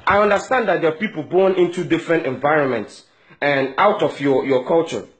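A man delivers an indignant, mocking rant straight to camera. His voice sits high for a man, and he trips over repeated words as he pushes his point. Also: a little fast, a bit bright. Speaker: vlogger. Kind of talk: angry opinion rant to camera.

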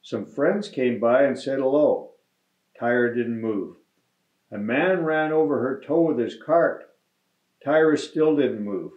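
A man reading a children's picture book aloud to students in a deliberate storytelling manner. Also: mid-range voice. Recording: roomy, slightly dull recording.

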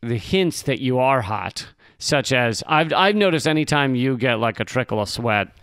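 A man's voice: mid-range voice, lively intonation, moderate pace, fairly bright tone, smooth, no echo. A man co-hosting a podcast in casual chat, explaining things wryly with the odd curse. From Virginia. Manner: explaining, wry, occasional swearing. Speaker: podcast co-host.

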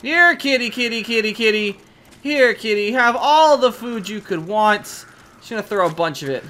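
A woman casually commenting as she plays a video game, chatty and excitable, shrieking at sudden scares and coaxing a pet in baby talk. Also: on the high side, moderate pace, slight background noise. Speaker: gaming video host. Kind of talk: casual let's-play commentary.

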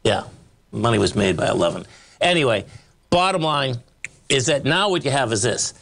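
A man's voice: mid-range voice, sing-song, normal speed, gravelly, fairly bright tone. A man hosting a live trading show, talking through charts in a rambling, blunt way, full of fillers and repeated "okay, folks". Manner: blunt, emphatic with short laughs. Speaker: market show host.

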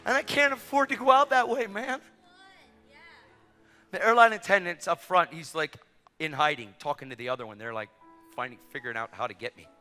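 A middle-aged man preaching, telling a story with acted-out dialogue and bursts of shouting. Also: fairly high pitch, brisk, long pauses, soft background music. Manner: excitable, acts out dialogue, rising to shouts. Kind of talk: sermon storytelling. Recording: long reverb of a large hall.

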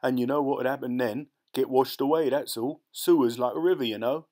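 A man voicing a sly, scornful ratcatcher who talks with rough grammar, boastful and secretive, in a storybook reading. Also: medium pitch, moderate pace, natural voice. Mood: triumphant.

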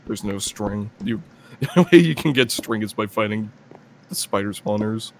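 A young man in his early twenties talks loosely over a gaming session, cursing and laughing as he rambles. His voice sits a little low. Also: animated, moderate pace, slight background noise. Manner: rambling, swears, laughs often. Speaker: gameplay video player. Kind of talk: casual gameplay chat.

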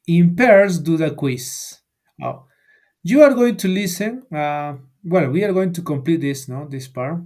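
A man teaching a basic English class, sounding out each word clearly for students to repeat. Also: fairly high pitch, a little mellow. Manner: enunciates each word for learners to repeat, rising on prompts. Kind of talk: classroom drill, call and repeat.

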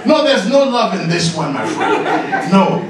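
A high-pitched man lectures a live audience as a leadership coach. He jokes, laughs and raises his voice to a shout. He is recorded from a distance in a roomy hall with noise behind him. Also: unhurried, over a noisy crowd. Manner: animated, joking, often laughing and shouting. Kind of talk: lively masterclass talk to an audience. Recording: echoey hall, distant mic, noisy.

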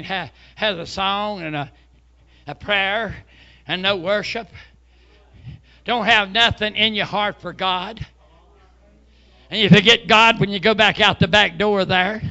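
A man, preaching a fervent sermon and often shouting hallelujah. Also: sits high, lo-fi sound. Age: 70s. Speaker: pastor.

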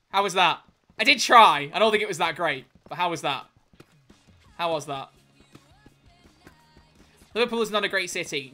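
A man chatting casually on a livestream, reading chat aloud, joking and swearing with quick self-corrections. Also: on the high side, lively intonation, pushed and bright, soft background music.

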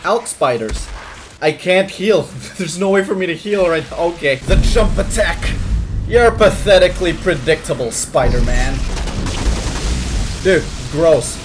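Excitable high-voiced gamer yelling at enemies. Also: male voice, measured pace, noisy background. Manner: excitable, swears, yelps and shouts at enemies. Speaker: gaming video host. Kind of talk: gameplay commentary.

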